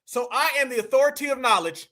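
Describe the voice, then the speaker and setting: A man's voice: very high-pitched, expressive, quick pace, background noise. An American man hosting a live stream, giving incredulous, slangy and mocking reaction commentary. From United States.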